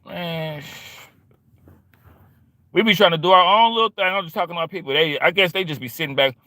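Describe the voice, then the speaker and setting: A livestream host with a slightly high, pushed and bright voice talks fairly quickly back to his chat. He's confrontational, repetitive and slangy, and the recording is dry.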